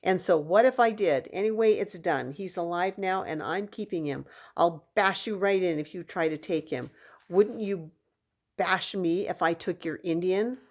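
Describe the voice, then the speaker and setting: A woman voicing a possessive, bratty boy who whines and shouts. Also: on the low side, moderate pace. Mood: defiant. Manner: whiny, shouting.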